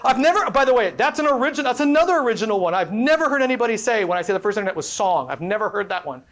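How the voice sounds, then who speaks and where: High-pitched, energetic woman presenter. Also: very fast. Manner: energetic, playful, quizzing the audience. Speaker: workshop presenter and professor. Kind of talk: interactive workshop talk to a live audience. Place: live event before an audience.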